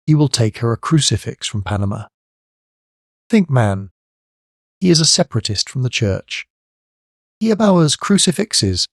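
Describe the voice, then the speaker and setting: A man's voice: medium pitch, big pitch swings, unhurried, pauses often, dry recording, studio quality. A man reading the part of a young male pirate lieutenant in an audiobook, speaking with a wry, knowing tone. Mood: amused.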